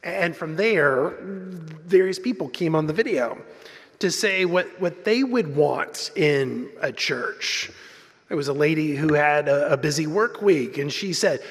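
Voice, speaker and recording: A man's voice: fairly high pitch, animated, measured pace, breathy edge. A male pastor delivering an earnest, conversational sermon in a church, sometimes restarting his phrases. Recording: long reverb in a large hall.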